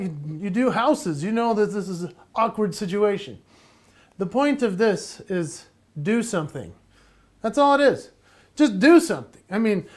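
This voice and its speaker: A man giving a playful, energetic virtual keynote from his home, laughing often and slightly out of breath. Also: sits high. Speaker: motivational speaker and entertainer.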